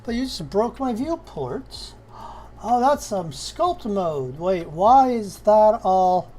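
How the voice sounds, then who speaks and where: A woman's voice: medium pitch, very animated, mellow. A woman streaming casually as she works, talking herself through steps and chatting to her cat. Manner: slow, self-talking, talks fondly and exasperatedly to her cat. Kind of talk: casual live-stream chat while 3D modeling.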